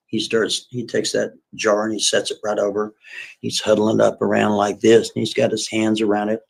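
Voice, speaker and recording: A man hosting a livestream, retelling a story in a casual, folksy way with repetitive, animated asides. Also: lowish voice, gravelly, low-quality recording.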